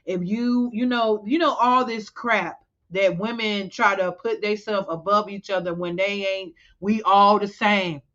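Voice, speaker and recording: A woman preaching to a gathering of women in a loose, conversational way, pausing to double-check a verse before pressing on. Her voice sits at an ordinary pitch for a woman. The recording is a little dull and muffled. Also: fairly even intonation, a bit bright. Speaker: women's teacher in a religious congregation. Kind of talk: informal sermon to women.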